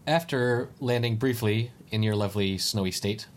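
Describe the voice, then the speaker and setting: A man co-hosting a podcast, telling a long rambling story in casual chat with halting restarts. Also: lowish voice, a little hiss or hum. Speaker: podcast co-host. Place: lives in Spain.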